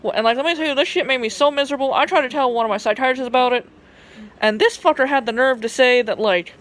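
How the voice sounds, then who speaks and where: A woman's voice: high voice, quick pace, a bit bright. A young woman with a Southern twang vlogs into her phone camera in a casual storytelling voice. Her talk rambles, full of cursing, "like" fillers and restarts. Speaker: vlogger.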